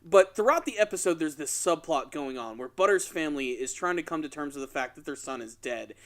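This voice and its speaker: Animated man retelling a cartoon plot. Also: on the high side, fairly quick. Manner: animated storytelling, acts out quoted lines in exaggerated voices. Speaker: podcast co-host. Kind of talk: casual podcast chat.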